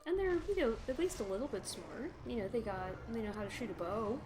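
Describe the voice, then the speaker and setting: A woman's voice: fairly high pitch, lively intonation, a little fast, background noise. A woman giving casual, rambling, sarcastic commentary over a video game playthrough, laughing often. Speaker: let's play commentator.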